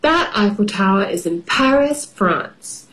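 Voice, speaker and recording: A woman reading as a calm young boy. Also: mid-range voice, a little slow, low-quality recording. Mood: matter-of-fact. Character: polite young boy, matter-of-fact.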